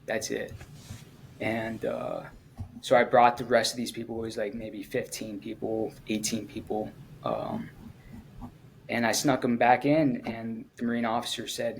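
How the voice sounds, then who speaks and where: A man, a former Marine, telling his story in an interview in a halting, earnest way, with frequent pauses and restarts. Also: on the low side, vocal fry, slight background noise, poor audio. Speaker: guest, former Marine at the Kabul airport evacuation.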